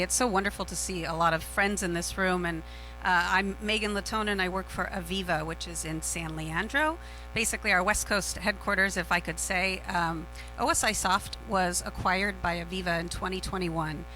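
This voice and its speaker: Bright-voiced woman giving panel remarks. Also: on the low side, low-quality recording. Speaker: business affairs director, panel speaker. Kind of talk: panel remarks at a business forum.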